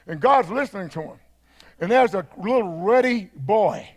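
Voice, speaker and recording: A man with a Southern US accent, a pastor preaching a sermon with fervent cries of praise that build to shouts. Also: high-pitched, animated, normal speed.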